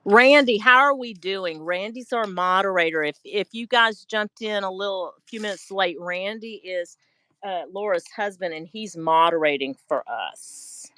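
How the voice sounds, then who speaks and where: A Southern-accented woman hosting a craft livestream, chatting in a warm, lively way and laughing a lot. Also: medium pitch, moderate pace, no room sound. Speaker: livestream host. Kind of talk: casual livestream chat.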